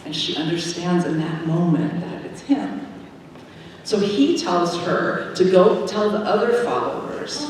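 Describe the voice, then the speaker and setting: A woman minister telling a simple story to children during a church service, in a gentle, plain way. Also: fairly low pitch, a little hiss or hum. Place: large church sanctuary. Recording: echoey sanctuary from far off.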